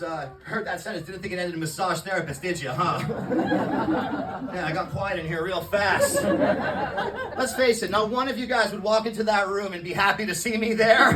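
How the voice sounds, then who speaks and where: A man's voice: sits high, recorded from a distance, noisy background. Young man doing rambling stand-up. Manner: casual, stammering, laughs at own jokes. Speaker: opening stand-up comic. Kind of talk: stand-up comedy set. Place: comedy club stage.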